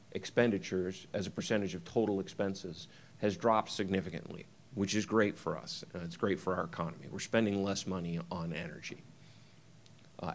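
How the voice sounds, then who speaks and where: Low-voiced man giving a keynote. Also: slight background noise. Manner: halting, many ums and uhs, talks through slides. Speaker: keynote speaker. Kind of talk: conference keynote talk.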